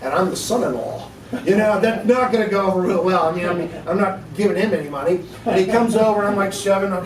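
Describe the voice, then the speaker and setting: A man teaching apologetics in a relaxed class, telling an anecdote with laughs and acted-out dialogue. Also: sits high, a little fast, a loud crowd. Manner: chatty, laughing storyteller, acts out dialogue. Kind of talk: casual classroom talk with anecdotes. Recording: echoey room, mic at a distance.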